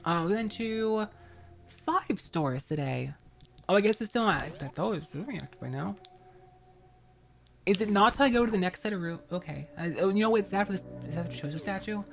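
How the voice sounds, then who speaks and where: A woman's voice: mid-range voice, lively intonation, a little fast, vocal fry. A woman streamer chatting casually while playing a game, laughing often and thanking viewers from chat.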